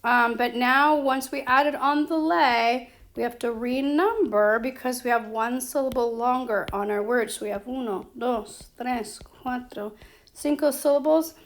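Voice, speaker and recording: A woman explaining a grammar lesson as a teacher, patient and checking in with her students as she goes. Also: on the high side. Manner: slow, patient, checks in with "okay?" and "right?". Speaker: Spanish teacher.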